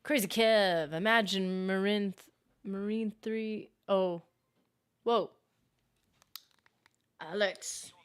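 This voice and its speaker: Excitable woman chatting on a gaming stream. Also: mid-range voice, slow, long pauses, smooth. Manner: chatty and excitable, reads chat aloud. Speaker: livestream host. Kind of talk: casual gaming livestream chat.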